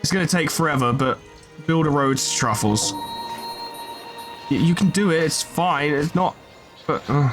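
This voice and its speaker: In this let's play, the host's slightly high, fairly bright voice moves at normal speed with long pauses as he casually narrates his strategy game, cracking jokes, cursing, and chatting with his units. Faint music sits behind him.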